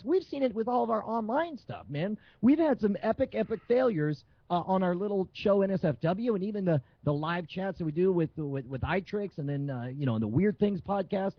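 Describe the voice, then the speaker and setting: A male magician talks with lively, swinging emphasis, pressing his points home. His voice sits a bit high, and the sound is dry and dull, like a lo-fi stream. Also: no echo. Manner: animated storytelling, emphatic. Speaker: magician guest. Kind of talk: casual live-stream chat.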